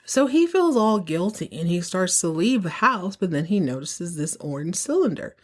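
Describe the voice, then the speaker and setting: A woman hosts a podcast and recaps episodes in casual, chatty tones. She keeps things sassy, slipping in quick asides along the way. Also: on the low side, big pitch swings. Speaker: podcast host.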